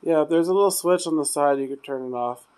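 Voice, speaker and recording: A man investigating spirits in an old hotel room at night, chatting casually and trailing off into quiet asides. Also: a little high, fairly quick, clear, resonant tone. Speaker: paranormal investigator. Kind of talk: casual chat during ghost hunt.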